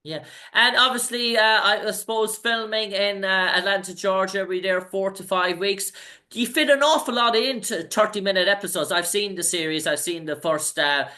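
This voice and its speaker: A man's voice: high voice, normal speed, pushed and bright. An Irish man hosting an interview, asking long, rambling questions in a casual chat. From Ireland. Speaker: interview host.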